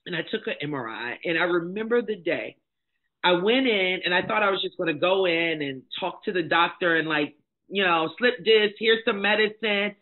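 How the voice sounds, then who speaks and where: A middle-aged woman, a life coach and motivational speaker, telling her own story as a guest, blunt and emphatic in a candid, animated way. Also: on the low side, moderate pace. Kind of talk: candid personal storytelling in conversation. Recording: tinny phone-like sound.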